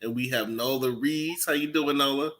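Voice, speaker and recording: A man hosting a casual chat panel, easygoing and quick to laugh. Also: mid-range voice, fairly bright tone. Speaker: host.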